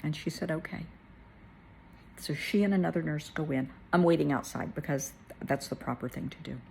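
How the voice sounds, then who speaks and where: A middle-aged woman, a therapist, telling a personal story in a soft, tearful way that at times falls to a whisper. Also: low-pitched, a little fast, gravelly, slight background noise. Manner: tearful, soft-spoken, drops to a whisper at moments.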